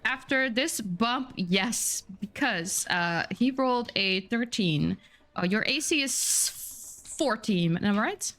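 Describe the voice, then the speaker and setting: A woman narrating as a tabletop game master in a chatty, descriptive way, with many pauses and fillers. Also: a little high, lively intonation, a bit bright. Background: faint music.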